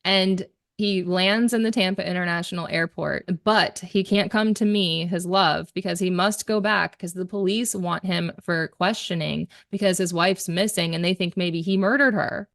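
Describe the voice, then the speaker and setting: Gravelly woman telling a dramatic story. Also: lowish voice, normal speed, dry recording, clean studio sound. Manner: animated storytelling, acts out quoted dialogue. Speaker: podcast guest. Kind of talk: conversational storytelling.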